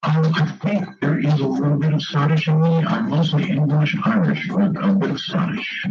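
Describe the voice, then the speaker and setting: A man's voice: a little high, moderate pace, muffled recording, music in the background. A man hosting a late-night call-in radio show, chatty, wry and easily amused. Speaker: radio talk show host.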